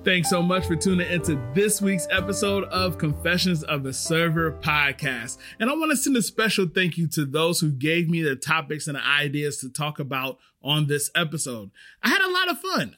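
A man hosting a podcast, telling a story in a chatty, animated way, full of fillers and the odd swear. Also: on the high side. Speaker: podcast host. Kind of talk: casual storytelling.

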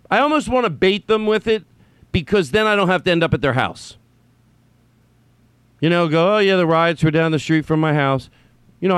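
In a rambling, unplanned talk about himself, a man keeps restarting with stammers and curses bluntly, shifting from quiet thoughtfulness to heated, loud outbursts. He has a clear, resonant voice on the high side, recorded dry.

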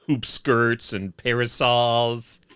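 A man's voice: mid-range voice, level tone, takes it slowly, bright, forceful tone, clean tone. A man co-hosting a casual film review chat, dry and teasing. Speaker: podcast co-host.

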